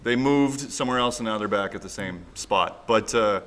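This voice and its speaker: A man's voice: on the low side, moderate pace, a bit bright. A man from Canada co-hosting a casual podcast, telling anecdotes in a laid-back, jokey way. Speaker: podcast co-host. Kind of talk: casual chat.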